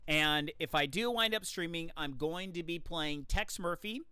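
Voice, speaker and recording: A streamer telling a story in casual live-stream chat, animated and enthusiastic. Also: medium pitch, moderate pace, clear, resonant tone, dry recording.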